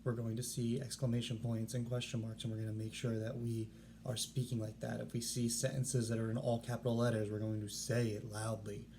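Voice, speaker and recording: Gravelly, encouraging male teacher. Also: mid-range voice, flat delivery, brisk, mellow, slight background noise. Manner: encouraging, upbeat. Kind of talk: remote read-aloud lesson for children.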